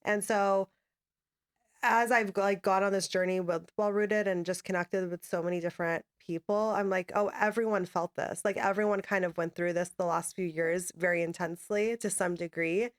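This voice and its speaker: A woman's voice: on the low side, steady tone, normal speed, smooth. A woman hosting a podcast, asking questions in a loose, conversational way with plenty of fillers. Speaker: podcast host. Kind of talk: casual interview chat.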